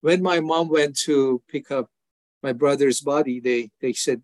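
A man's voice: medium pitch, measured pace, a little mellow, dry recording. An older man from Iran, giving his personal testimony as an interview guest in an earnest, emphatic way. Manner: earnest, emphatic, acts out his prayers and replies in a raised voice. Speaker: ministry founder, interview guest.

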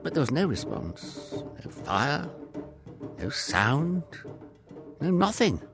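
A man narrating a children's Bible story with expressive storytelling. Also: a little high, slow, over music.

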